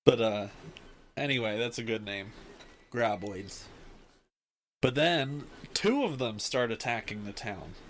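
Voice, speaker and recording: A man's voice: medium pitch, animated, takes it slowly, long pauses, slight background noise, rough recording. A man hosting a podcast, recapping casually with lots of fillers. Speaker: podcast host. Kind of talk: casual chat.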